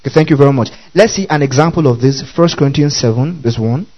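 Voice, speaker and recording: A man's voice: medium pitch, quick pace, dull audio. Preacher checking his hearers follow. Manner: keeps checking the audience follows, repeating questions. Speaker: preacher teaching the Bible. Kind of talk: sermon.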